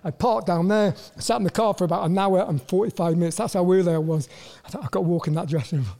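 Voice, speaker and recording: An older Welsh man speaks in a high, mellow voice. He tells his stories in a halting way, restarting words and leaning on "you know" as he goes. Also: gravelly. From Wales. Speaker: guest, former footballer. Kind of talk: casual interview storytelling.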